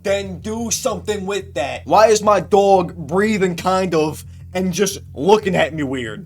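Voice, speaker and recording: A young man delivering game review commentary in an animated, ranting way, swearing often and laughing between points. His voice sits at a moderately high pitch. Soft music plays behind him. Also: unhurried. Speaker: gaming video creator. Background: soft background music.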